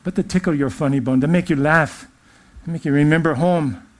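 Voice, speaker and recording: Guy doing a kind spirit from beyond earth, soft english-ish accent, sweet uplifting talk, pitch on the high side. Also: fairly quick, close to an everyday voice. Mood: gentle uplifting. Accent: put-on English-sounding. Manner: gentle, tender, uplifting. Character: benevolent otherworldly male spirit speaking to an audience. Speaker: channeler. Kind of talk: channeled spiritual address.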